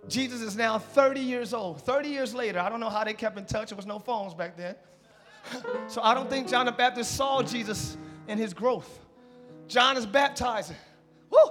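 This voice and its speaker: A man pastor preaching a lively storytelling sermon in church, moving between hushed talk and shouts. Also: very high voice. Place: church sanctuary, live service. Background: soft band music.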